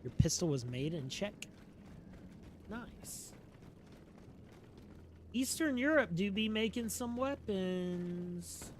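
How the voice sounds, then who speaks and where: A man with a fairly high voice streams a game and chats loosely with his viewers. His talk is relaxed and full of slang, and he sounds sleepy. Faint noise sits behind his stream microphone. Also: slow, long pauses. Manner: relaxed and slangy, talking to chat. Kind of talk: casual live-stream chat.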